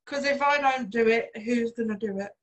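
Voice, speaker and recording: A woman's voice: a little high, a bit bright, poor audio. Young woman giving short answers. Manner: short plain answers, unhurried. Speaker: interview guest.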